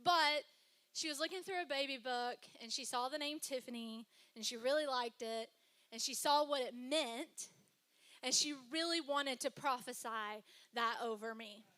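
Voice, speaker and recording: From a church stage, a young woman pastor preaches a sermon into a microphone in a high, bright, ringing voice at normal speed. Her style is chatty and personal, full of stories and asides to the congregation.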